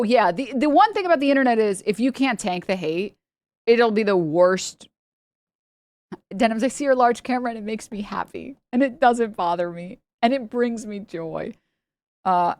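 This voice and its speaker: A woman's voice: on the high side, no echo. A woman livestreamer chatting casually to her chat, rambling and swearing, often laughing and mocking her critics.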